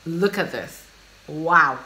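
Woman, reaction host, casual and gushing; bright, forceful tone. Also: low voice, slow pace. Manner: gushing, excitable, exclaiming and laughing.

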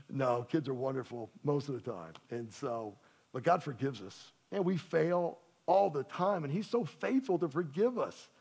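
Folksy pastor with a gravelly voice. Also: male voice, fairly high pitch, a little mellow. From Louisiana. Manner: folksy, joking, conversational preaching. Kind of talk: sermon. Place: church sanctuary.

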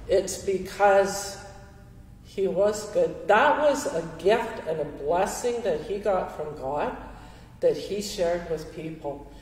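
Soft-spoken older woman in an echoey hall. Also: lowish voice, animated. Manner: gentle, warm-hearted, slow and reflective with soft laughs. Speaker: speaker sharing teachings through her late husband's art. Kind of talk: heartfelt talk with audience questions. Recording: roomy hall, voice from far off the mic.

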